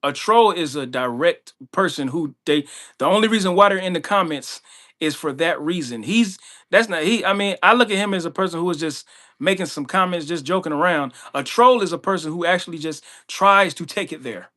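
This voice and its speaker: A man co-hosting a casual livestream, talking in a relaxed, conversational way and repeating words when he cuts in. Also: on the high side, a little fast.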